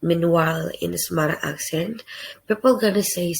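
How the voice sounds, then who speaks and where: A young woman giving a read class presentation in careful, halting short phrases. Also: lowish voice, steady tone, creaky, a little hiss or hum, rough recording. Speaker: student presenter.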